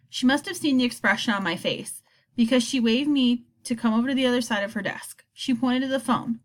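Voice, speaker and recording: A woman reading a children's novel aloud, telling the story in an expressive first-person voice. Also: on the high side, a little fast. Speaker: audiobook reader.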